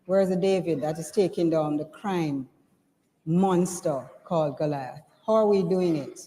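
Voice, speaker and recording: A woman moderating a conference panel, speaking in a measured, rhetorical way. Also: low-pitched, dark tone, long reverb tail, low-quality recording. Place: conference hall.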